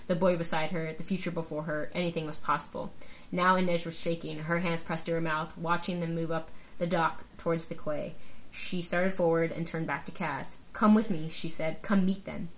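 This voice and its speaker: A woman's voice: low-pitched, flat delivery, moderate pace, rough recording. A woman co-hosting a book podcast, reading passages aloud and gushing earnestly about the story in casual chat. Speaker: podcast co-host.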